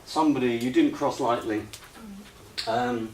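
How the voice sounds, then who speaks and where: A man giving a slide presentation to an audience, hesitant with many ums, relaxed and gently humorous. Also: mid-range voice, a little slow. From United Kingdom. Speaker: lecturer. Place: retreat lecture room with audience. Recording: roomy echo, distant mic, faint hiss.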